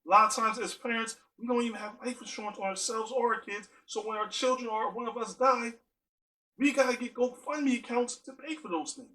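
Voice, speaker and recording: A man's voice: extremely high pitch, brisk, pushed and bright, rough recording. A man giving an earnest spoken monologue, driving his points home with strings of rhetorical questions.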